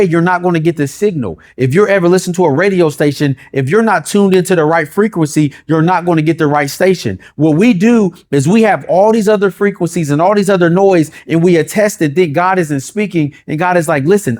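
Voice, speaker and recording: Preaching man with a higher voice. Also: a little mellow. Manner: rhythmic preaching with repeated phrases and rhetorical questions. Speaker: pastor. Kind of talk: sermon.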